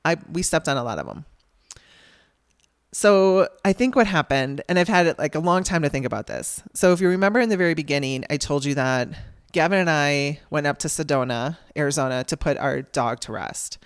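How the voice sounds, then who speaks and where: A woman's voice: low voice, expressive, a little fast, smooth, no echo, studio quality. A middle-aged woman hosting a podcast, frankly telling a hard personal story with wry laughs and the odd swear word. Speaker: podcast host.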